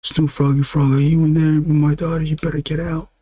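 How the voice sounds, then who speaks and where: A man doing an angry yelling dad. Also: on the high side, level tone, brisk, husky, pitched above the performer's own voice. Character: angry middle-aged father yelling at daughter's boyfriend.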